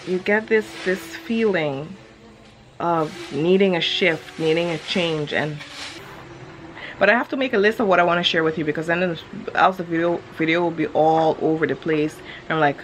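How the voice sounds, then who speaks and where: Rambling woman in her thirties, lowish voice. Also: a little hiss or hum. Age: 30s. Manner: rambling, quick-thinking, playful. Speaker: vlogger. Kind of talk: casual chat. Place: outdoors in a yard.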